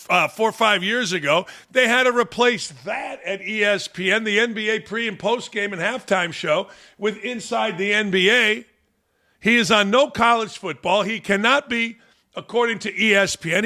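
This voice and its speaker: A man's voice: high voice, gravelly, bright, forceful tone. An older man hosting a live fan Q&A stream, talking in a brash, profane, rambling way and telling stories. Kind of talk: casual live-stream chat.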